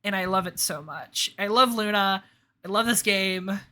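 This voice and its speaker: A woman's voice: medium pitch, moderate pace, sharp tone. A young woman streamer giving gushing, emotional commentary on a story game. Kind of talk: let's-play commentary. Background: faint lo-fi background music.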